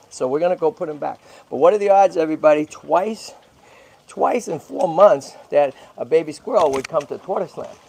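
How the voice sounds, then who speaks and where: A man whose voice is a little high, husky, and full of vocal fry hosts a casual livestream. He chats, keeps asking "right?" and "okay?", and coos softly to a baby squirrel he's handling. He's a channel host who also rescues tortoises.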